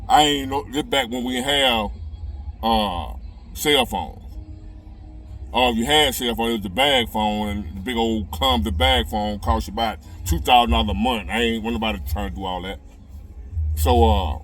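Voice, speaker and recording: A man's voice: medium pitch, fairly bright tone, slight background noise. A middle-aged man, telling a relationship story to his viewers in a folksy, drawling way. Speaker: relationship advice video host. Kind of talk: casual storytelling monologue. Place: inside a parked car.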